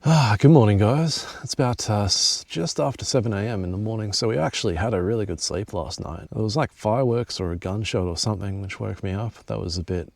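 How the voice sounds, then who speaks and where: A man's voice: fairly low pitch, fairly quick, creaky, few pauses, darkish tone, no room sound. A young man chatting casually to camera at a bush campsite, joking and swearing now and then as he films his overnight hike. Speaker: hiking vlogger. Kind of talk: casual solo vlog to camera.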